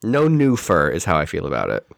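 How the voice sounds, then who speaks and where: A man's voice: deep voice, wildly swooping pitch, brisk, gravelly, dry recording, studio quality. A man co-hosting a podcast, making wry, jokey remarks in a casual chat about a film. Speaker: podcast co-host. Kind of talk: casual movie discussion.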